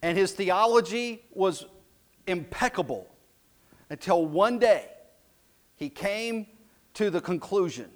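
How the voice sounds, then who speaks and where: A man preaching a sermon as pastor, slow and emphatic, dropping his voice low and soft for key lines. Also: lively intonation. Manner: slow, emphatic preaching with dramatic drops to a hush.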